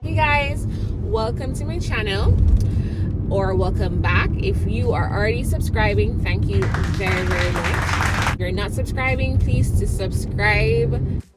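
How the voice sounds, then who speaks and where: A woman's voice: mid-range voice, measured pace, loud music behind the voice, low-quality recording. A young Jamaican woman chatting casually to her viewers while riding in a car, telling stories and acting out the voices of people she quotes. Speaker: vlogger. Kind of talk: casual chat. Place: in a car on the road. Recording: loud road and car noise.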